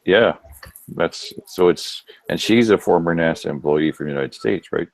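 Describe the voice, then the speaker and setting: A man's voice: deep voice, moderate pace, no room sound, poor audio. A man on an online panel, talking in an easygoing, agreeable way. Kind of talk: casual group chat.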